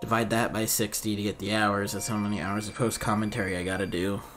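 A young man giving casual, rambling let's-play commentary, thinking out loud and poking fun at himself. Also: on the low side, little pitch movement, fast, faint music behind.

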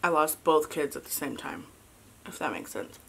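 A woman in her thirties chatting casually as a vlogger and mother, halting and soft with many fillers, fighting back tears. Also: deep voice, vocal fry, background noise. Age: 30s. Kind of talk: casual confessional chat.

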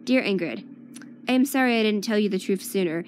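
A woman reading the farewell letter of a troubled young man, quiet and confessional. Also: mid-range voice, fairly quick, a little hiss or hum, lightly acted. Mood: somber.

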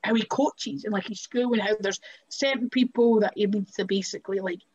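A woman with a Scottish accent telling stories as a wrestler guest on a podcast, chatty and animated, often laughing and saying "like" and "right?". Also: medium pitch, a little fast, husky. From Scotland. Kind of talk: casual storytelling interview. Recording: muffled lo-fi audio.

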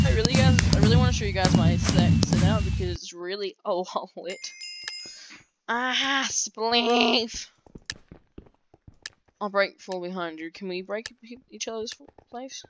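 A woman giving live commentary while playing a game, excitable and quick to outbursts of frustration. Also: mid-range voice, over loud music, rough recording. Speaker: gaming video creator.

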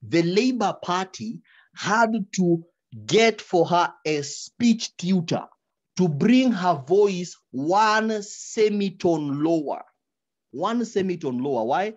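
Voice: mid-range voice, slow pace, muffled recording. A speaker giving advice at a writing workshop, stumbling over repeated words and dropping into examples. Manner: animated, repeats words while searching for them, drops into quoted examples. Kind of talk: advice talk in a webinar.

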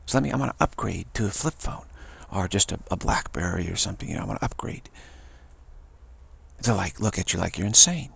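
A man's voice: sits low, expressive, fairly quick, creaky, a bit bright, breathy edge. A man giving an informal spiritual talk in a rambling, playful way, often repeating himself. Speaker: spiritual teacher.

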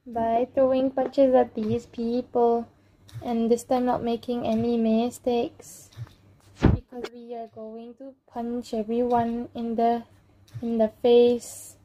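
Woman playing a phone game, chats at the little guys, slow and mellow, bit high. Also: poor audio. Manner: playful, talks to game characters, mock threats. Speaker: gameplay channel host. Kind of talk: casual mobile game commentary.

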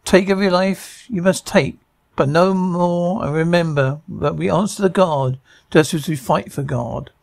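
A man reading the part of a grim knight commander rallying his men, with a stumbling, halting delivery. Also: on the high side, creaky, no echo.

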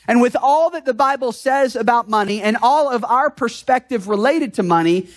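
A man's voice: very high-pitched, moderate pace. Earnest man preaching a conversational sermon. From United States. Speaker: pastor.

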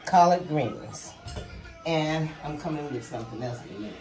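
A woman's voice: low voice, expressive, normal speed, dark tone, a faint crowd. A woman at home who serves a home-cooked meal and walks through each dish one by one in a casual chat.

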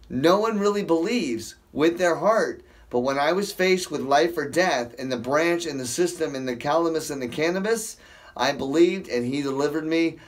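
A man hosting a casual Bible study, reading scripture aloud and breaking off into rambling, self-interrupting asides. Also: on the high side.

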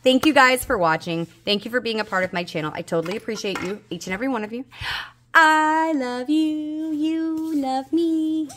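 A woman's voice: mid-range voice, rapid-fire, hardly any pauses, fairly bright tone, slight background noise. A woman, a budgeting vlogger chatting casually to viewers, coaxing and scolding her dice, a little unwell and tired. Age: 30s. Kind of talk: casual chat to viewers while rolling dice.

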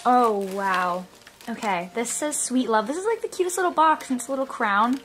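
A young woman chatting casually through an unboxing, gushing and gasping with excitement. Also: a little high, moderate pace. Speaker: vlogger unboxing a reborn doll. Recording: music playing underneath.

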